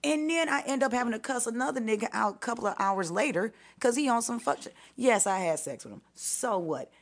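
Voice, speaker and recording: Fast-talking blunt woman in her thirties. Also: a little high. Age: 30s. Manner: blunt, profane, animated storyteller. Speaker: podcast co-host telling a story. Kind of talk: casual storytelling chat.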